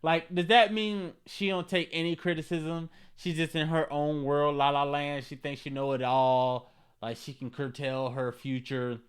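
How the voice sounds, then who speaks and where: With a smooth, fairly high-pitched voice and a measured pace, a man running a comedy vlog reads out viewer comments, answering them in lively slang punctuated by mock outrage.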